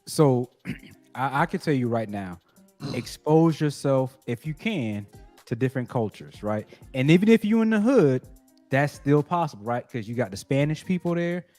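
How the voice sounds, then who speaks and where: A man's voice: medium pitch, lively intonation, normal speed, darkish tone, soft background music. A man co-hosting a casual podcast chat, talking bluntly with plenty of profanity. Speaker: podcast co-host.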